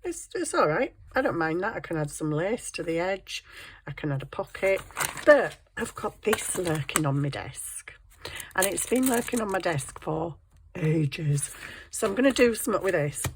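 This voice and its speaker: A woman talks through her journal crafting in a relaxed, chatty way, with a low voice and a gravelly edge that her scratchy throat adds to. She is self-deprecating and easily distracted. A faint hiss sits under the recording. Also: moderate pace. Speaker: crafting vlogger. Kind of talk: casual crafting chat. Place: home craft desk.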